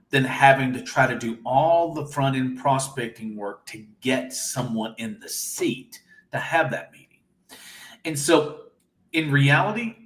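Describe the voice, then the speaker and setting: An enthusiastic man speaks as an interview guest, telling stories with energy. His pitch is middling. The room gives a noticeable echo. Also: a bit bright. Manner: enthusiastic, storytelling. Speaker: guest, AI business owner. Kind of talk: casual interview.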